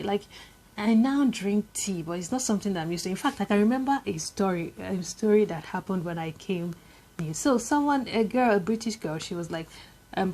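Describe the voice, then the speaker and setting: A woman's voice: mid-range voice, animated, normal speed, darkish tone. A young woman with a Nigerian accent, chatting casually to camera in a vlog, with many fillers and repetitions. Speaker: vlogger.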